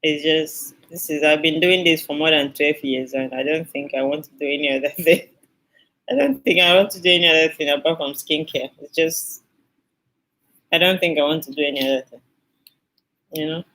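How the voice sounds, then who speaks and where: A woman's voice: sits low, moderate pace, fairly bright tone, poor audio. Woman, skincare host, live-stream chat, effusive, repeats herself, thanks viewers.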